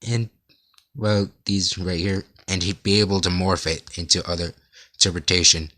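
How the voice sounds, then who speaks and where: A young man giving a rambling class presentation about an artist, in a monotone with frequent stutters and restarts. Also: low voice, normal speed. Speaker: student presenter.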